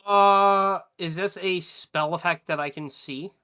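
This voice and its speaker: Male player, bright tense voice, hesitant and chatty, dry sound. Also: high voice, fairly even intonation, slow, clear, resonant tone, no echo. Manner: chatty, hesitant, asks rules questions. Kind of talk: casual chat.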